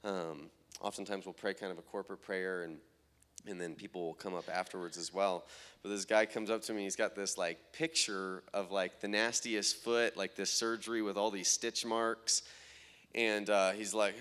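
A man's voice: fairly low pitch, moderate pace, clear, resonant tone. Man retelling stories of prayer and healing. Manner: animated retelling, quoting others in raised voice. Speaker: traveling minister. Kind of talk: testimony storytelling.

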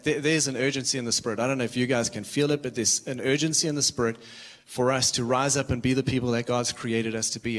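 Earnest, urgent male preacher. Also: medium pitch. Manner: earnest and urgent, with self-deprecating asides and frequent restarts. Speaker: visiting preacher. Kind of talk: sermon.

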